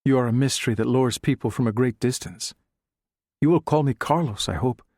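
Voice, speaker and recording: A man reading the part of a suave, calm middle-aged Chinese spymaster who speaks with a Spanish accent, soft and unhurried. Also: medium pitch, no echo, studio quality, close to an everyday voice. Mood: courteous.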